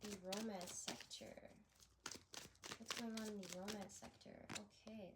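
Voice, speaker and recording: A woman's voice: medium pitch, moderate pace. A woman doing a spiritual tarot reading, talking in a rambling, effusive way with frequent restarts. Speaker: tarot reader.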